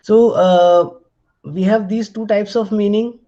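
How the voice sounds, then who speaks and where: A man delivering a recorded academic lecture, explaining step by step and pausing often on fillers. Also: high voice, fairly even intonation, dark tone. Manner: explanatory, hesitant with frequent pauses and fillers. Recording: dull lo-fi recording.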